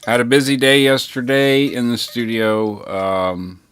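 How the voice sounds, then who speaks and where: A man's voice: mid-range voice, little pitch movement, unhurried, a bit bright, clear, resonant tone. A man casually chatting with viewers on a livestream from his home studio, rambling and laid-back, swearing now and then as he reads the chat aloud. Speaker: livestream host.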